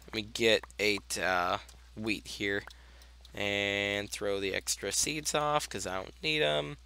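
Bright-voiced young man narrating gameplay. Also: fairly low pitch, slow, gravelly, clean tone. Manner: rambling, many fillers, talks through steps. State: hiccups. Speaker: gaming channel host. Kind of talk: casual gameplay commentary.

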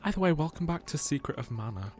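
A man's voice: on the high side, animated, fast talker. A young man hosting a casual let's play, joking, sarcastic and laughing often between comments.

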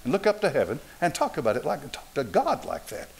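A man's voice: on the high side, wildly swooping pitch, a little fast, vocal fry, a little mellow. An older man preaching a sermon in church, firing rhetorical questions at the congregation. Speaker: pastor. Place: church sanctuary.

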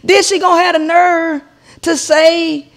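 High, gravelly woman telling a profane story. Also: a little slow. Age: 40s. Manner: profane, animated, addresses listeners as y'all. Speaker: podcast host. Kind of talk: comic storytelling rant.

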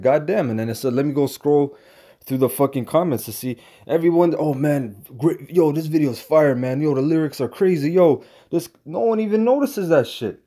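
Angry stammering preacher man, dark voice. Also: medium pitch. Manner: profane, heated, stammering restarts, ends phrases with "man". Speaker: online preacher. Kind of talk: angry ranting livestream monologue.

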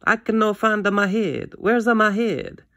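Male reader doing an old Italian grandma, shrill, yelling, high, put-on Italian accent, storybook voice. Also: measured pace, no echo, heavily acted.

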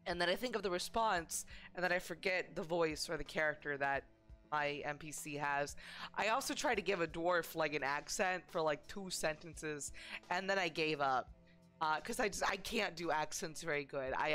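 Giggly woman streamer rambling, lowish voice that bounces around a lot. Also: fairly bright tone. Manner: self-deprecating, giggly, rambling with fillers. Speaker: game streamer. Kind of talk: casual live-stream chat.

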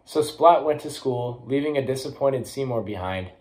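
Young man, children's book read-aloud, lively, voices the characters, middle pitch. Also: moderate pace, low-quality recording. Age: young adult. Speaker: college athlete reading aloud.

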